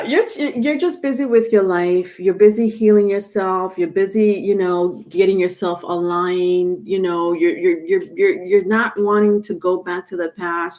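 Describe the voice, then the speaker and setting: A woman's voice: on the low side, a little mellow. A woman doing a live-stream tarot reading, chatty and loose, laughing often and trailing off with fillers and restarts. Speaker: tarot reader.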